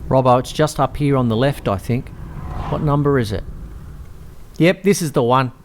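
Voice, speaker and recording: A man's voice: mid-range voice, moderate pace, slight background noise. A man hosting a comic sketch, chatting in a blokey, slangy, joking way. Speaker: host.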